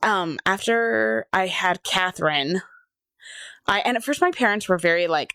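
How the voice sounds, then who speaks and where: A woman in her thirties talks openly through a personal story in casual podcast chat, slipping into the voices of the people she quotes. Her voice sits a little low, and the recording is dry and close. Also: expressive, unhurried, vocal fry, long pauses, bright, forceful tone, clear, resonant tone, dry recording. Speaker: podcast co-host.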